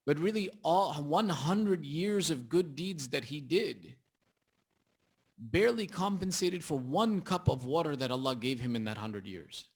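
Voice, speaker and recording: A man preaching a sermon, retelling a story in a lively, dramatic way. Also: fairly high pitch, moderate pace.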